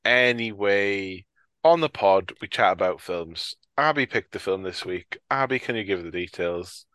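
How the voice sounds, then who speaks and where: A man hosting a casual film podcast, unhurried and playful, often mocking himself. His pitch rises and falls freely. His voice is bright and close, in a dry room. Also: lively intonation, clean tone, no room sound. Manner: jokey, giggly, self-mocking. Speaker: podcast host.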